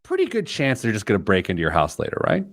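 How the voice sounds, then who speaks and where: A man's voice: fairly low pitch, fast, dry recording. A man hosting a podcast, telling stories and joking in casual chat. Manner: jokey, storytelling, animated. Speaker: podcast host.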